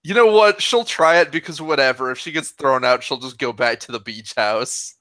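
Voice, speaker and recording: A man's voice: medium pitch, normal speed, sharp tone, dry recording. A man playing a tabletop game, chatty and thinking aloud about his character's moves. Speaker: player.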